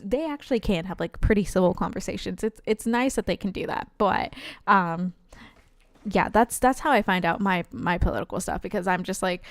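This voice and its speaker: A woman's voice: medium pitch, no echo, clean studio sound. A young woman streaming a game who chats casually, rambling with frequent giggles. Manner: rambling, giggly, lots of fillers and restarts. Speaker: cozy gaming streamer.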